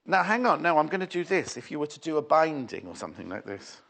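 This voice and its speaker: A man's voice: a little high, very animated, fast talker, vocal fry, fairly bright tone, slight background noise. A man presenting fabric on a live shopping channel, chatty and bubbly with rambling asides and a slightly sore throat. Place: TV studio.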